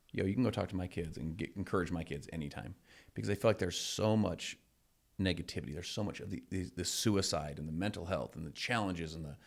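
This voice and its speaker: A middle-aged man hosting a podcast, chatting casually and telling stories with lively acted-out quotes. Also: low-pitched, creaky. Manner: energetic, acts out quoted voices in anecdotes. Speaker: podcast host. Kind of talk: casual chat, storytelling.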